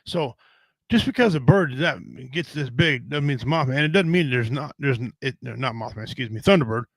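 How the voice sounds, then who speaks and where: A man's voice: mid-range voice, expressive, brisk, no echo, poor audio. A middle-aged man hosting a casual podcast chat, talking in a blunt, rambling, folksy way with casual swearing. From Native American.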